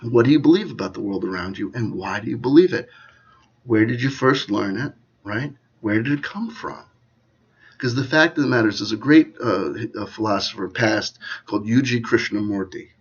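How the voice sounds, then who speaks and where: Husky-voiced man rambling to camera. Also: on the low side, moderate pace, dull audio. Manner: digressive, self-mocking, swings between loud and hushed. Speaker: channel host. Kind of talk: rambling solo commentary.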